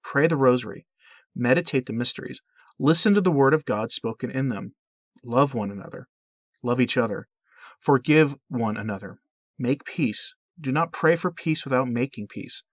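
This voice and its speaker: A man voicing a gentle, patient, motherly heavenly woman who speaks in calm, pleading exhortations. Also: medium pitch, normal speed, dry recording, lightly acted. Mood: gently pleading.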